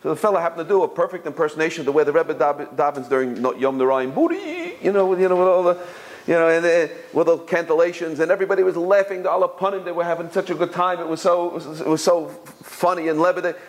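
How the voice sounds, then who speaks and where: A man with a somewhat high voice gives a loose, conversational religious lesson. He stumbles and repeats words as he gropes for the next phrase. When he tells a story, his pitch leaps up as he quotes the people in it. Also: fairly even intonation. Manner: halting, repeats words while searching for phrasing; storytelling, jumps higher when quoting others. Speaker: Torah teacher. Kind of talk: informal religious lecture with stories.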